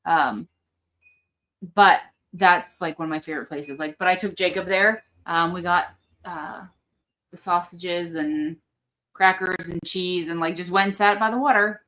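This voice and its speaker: Young woman with a lowish voice chatting. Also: fairly even intonation, unhurried, a bit bright. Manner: hesitant, many ums and likes. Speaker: livestream co-host. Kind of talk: casual livestream chat.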